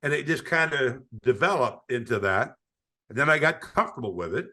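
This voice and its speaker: A man's voice: medium pitch, expressive, a little fast, pushed and bright. An older man, a retired sportscaster, telling stories in a podcast interview, acting out quoted voices with frequent stammering restarts. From United States.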